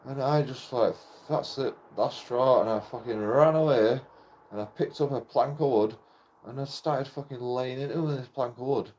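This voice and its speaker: With a mid-range, slightly mellow voice at normal speed, a young channel host rambles through a personal story. He swears nonstop and keeps interrupting himself with brief laughs, and a little hiss or hum can be heard.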